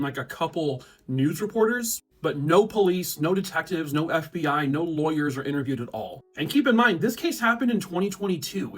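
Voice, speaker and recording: A man with a slightly raised voice gives casual true crime commentary to camera. He is blunt and sarcastic and swears freely. Faint music plays under his voice. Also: a little high. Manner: blunt, sarcastic, profane ranting. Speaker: true crime content creator.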